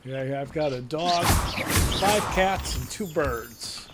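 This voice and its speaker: A man's voice: medium pitch, unhurried, heavy background noise. A middle-aged man from Connecticut with a New Haven accent, chatting casually and telling rambling stories while streaming a game. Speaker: gaming streamer. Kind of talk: casual chat while playing. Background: loud game music.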